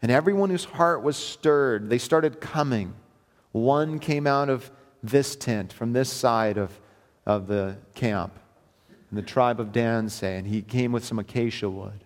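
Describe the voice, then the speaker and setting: A man's voice: mid-range voice, a little slow. A man preaching a verse-by-verse sermon in an earnest, emphatic way, often repeating his phrases. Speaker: pastor. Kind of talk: expository sermon. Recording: long hall reverb.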